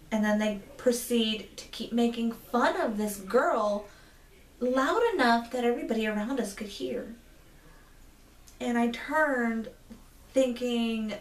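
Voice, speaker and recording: A woman's voice: fairly high pitch, slow pace, echoey room, far from the mic. A woman in her twenties telling a story to camera, indignant and rambling, with many fillers. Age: 20s. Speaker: vlogger. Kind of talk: storytime vlog.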